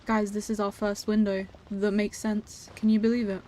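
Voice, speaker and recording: A young woman streams a game in a medium-pitched, mellow, level voice. Chatty and playful, she talks to her viewers with quick laughs in casual live chat.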